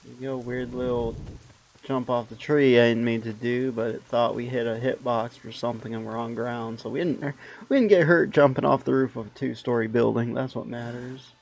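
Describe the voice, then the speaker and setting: Gravelly, joking male game streamer. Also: medium pitch, fairly even intonation, moderate pace, a little mellow, poor audio. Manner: crude, joking, off-the-cuff. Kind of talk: casual live-stream commentary. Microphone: desk microphone.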